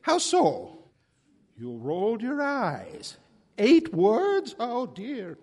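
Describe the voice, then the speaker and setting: A cheery, bumbling police chief. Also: male voice, very high voice, wildly swooping pitch, long reverb tail, full character voice. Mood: folksy. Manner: folksy, slow guessing. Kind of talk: live radio play acting.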